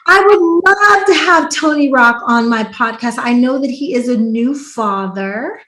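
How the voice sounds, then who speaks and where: Woman podcast host, animated storyteller, casual chat, echoey room. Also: high-pitched, a little slow. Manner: animated storyteller, acts out quotes loudly. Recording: roomy echo.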